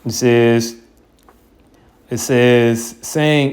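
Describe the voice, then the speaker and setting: A man giving informal scripture commentary, verse by verse. He talks in a blunt, colloquial way and drops scornful asides. His voice sits at a middling pitch. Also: fairly even intonation, unhurried, darkish tone. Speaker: Bible teacher.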